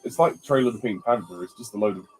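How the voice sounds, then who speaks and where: A man's voice: fairly low pitch, fast, slight background noise, poor audio. A man casually commentating on a film, blunt and scornful in his judgments.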